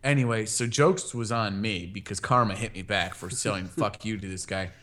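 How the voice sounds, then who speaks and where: A man's voice: lowish voice, moderate pace. Man rambling through a funny story. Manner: rambling, laughs often, many fillers, animated quoting. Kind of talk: casual anecdote telling.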